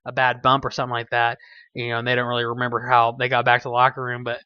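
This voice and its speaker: A man's voice: medium pitch, monotone, rapid-fire, clean tone, no echo. A man hosting a podcast interview, laughing a lot and reacting with short replies in a casual way. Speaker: podcast host. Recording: slightly dull, dry.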